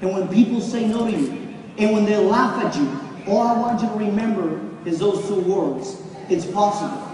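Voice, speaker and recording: A man giving a motivational stage speech to an audience, repeating phrases, building up to shouts and getting the crowd to call back. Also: high-pitched, normal speed, very noisy. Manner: repetitive, rising to shouts, audience call-and-response. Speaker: motivational speaker at a business event. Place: large event hall with audience. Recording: echoey hall from far off, crowd. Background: audience laughter and murmur.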